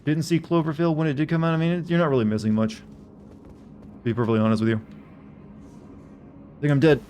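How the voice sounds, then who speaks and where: A man's voice: a little high, steady tone, rapid-fire, darkish tone, slight background noise. Rambling man streaming a game. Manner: rambling, self-correcting, chatting with viewers. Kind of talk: casual live gameplay commentary.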